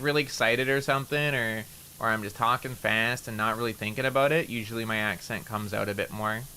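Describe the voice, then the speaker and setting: Bright and forceful, a man's mid-range voice carries over a little hiss or hum as he streams a game. He chats casually and rambles in a mild rural Canadian accent, sprinkling in "like" and casual swearing.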